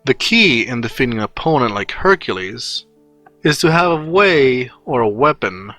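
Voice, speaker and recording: A man's voice: mid-range voice, big pitch swings, normal speed, pushed and bright, dry recording, soft background music. A man doing a teasing male lecturer. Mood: lecturing. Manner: explanatory, lecturing. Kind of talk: fan story reading.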